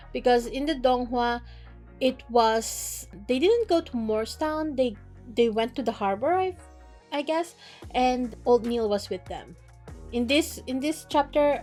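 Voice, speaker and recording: A woman with a fairly high voice talks through a book recap in a loose, chatty way. She laughs often and leans on casual fillers as she goes. Soft music plays faintly underneath.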